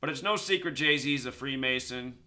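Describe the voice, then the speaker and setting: Male video host, mid-range pitch, very bright tone, casual rambling delivery that doubles back on numbers. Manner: rambling, repeats numbers, talks fast then slows to stress points. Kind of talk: casual monologue to camera.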